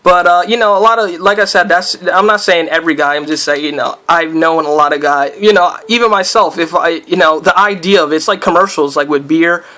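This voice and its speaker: A man's voice: a little high, fairly quick, hardly any pauses, bright, forceful tone. A man from the United States giving loose, rambling commentary over his own gameplay, with lots of fillers and sudden yelps. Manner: breaks off into startled yelps at the game. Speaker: let's player.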